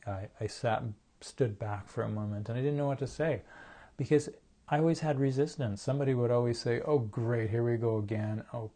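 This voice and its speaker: A man telling a personal story in an earnest, halting way, often repeating words and acting out what people said. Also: on the low side, warm tone. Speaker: speaker sharing a personal story.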